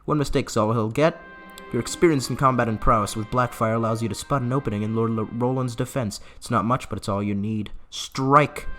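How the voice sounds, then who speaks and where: A man's voice: medium pitch, fairly quick, hardly any pauses, fairly bright tone, faint music behind. A man giving casual gameplay commentary, laughing often and reading game text aloud with asides. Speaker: gaming YouTuber.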